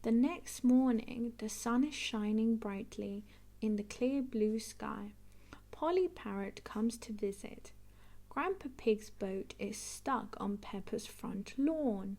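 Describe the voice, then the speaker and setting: A woman reading a children's picture book aloud, expressive and clear. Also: fairly high pitch. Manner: animated, expressive, slow and clear. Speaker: storybook reader. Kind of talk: read-aloud children's storytelling.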